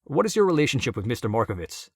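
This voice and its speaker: A man's voice: medium pitch, big pitch swings, racing, slightly rough, dry recording, clean studio sound, pitched above the performer's own voice. A man voicing a friendly, probing male police detective with a Spanish accent. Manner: polite, questioning.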